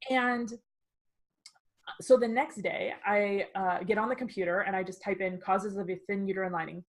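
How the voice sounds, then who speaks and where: With a medium pitch and normal speed, a podcast co-host in her twenties relays a personal anecdote in a relaxed, energetic way. She often breaks into laughter and voices the things people said.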